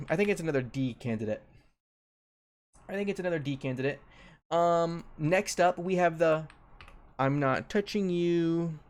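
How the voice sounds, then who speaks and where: Young male streamer, slightly high voice, casual repetitive commentary. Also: a little mellow. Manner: repeats his phrases, loose and offhand. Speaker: streamer ranking a tier list.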